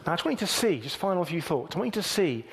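A man preaching a sermon earnestly, moving between emphatic lines and hushed, near-whispered ones. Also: a little high, big pitch swings, rapid-fire, gravelly, slight background noise.

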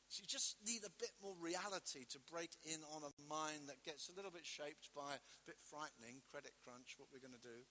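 Bright-voiced man preaching emphatically. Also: on the high side, big pitch swings, normal speed, a little hiss or hum. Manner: emphatic, conversational preaching with rhetorical questions. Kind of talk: sermon.

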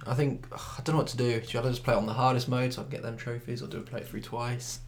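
A man's voice: medium pitch, flat delivery, racing. A young man in casual chat, chiming in with dry, teasing remarks. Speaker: gaming podcast co-host.

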